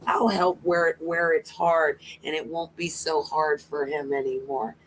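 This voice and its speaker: A woman's voice: deep voice, fairly even intonation, measured pace, a little hiss or hum, rough recording. A woman doing livestream commentary, taunting and mocking a rival with sarcasm and swearing. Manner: talks to a rival by name.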